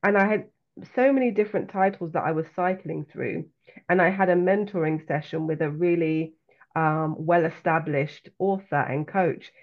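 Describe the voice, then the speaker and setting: A woman with a London accent, an author and coach speaking as a guest in a podcast interview, talking in a reflective, earnest and measured way. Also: low-pitched. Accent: London English. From London, England. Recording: slightly dull lo-fi sound.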